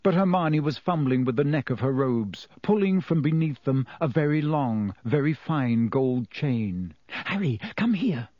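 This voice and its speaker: A man's voice: medium pitch, lively intonation, measured pace, hardly any pauses, mellow, no room sound. A man reading a children's fantasy novel aloud as narrator, telling the story expressively. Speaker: audiobook narrator. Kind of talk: scripted narration.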